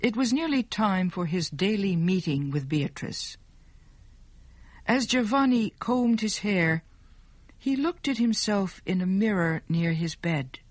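A woman narrating a story in a slow, clear, deliberate way. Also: fairly low pitch, no room sound.

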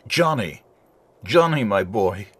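A woman putting on a stern, gruff old man. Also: rumbling low, lively intonation, a little slow, pushed and bright, voice pushed down, exaggerated voice. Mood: anxious. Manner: cold, commanding. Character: stern old male hotel keeper.

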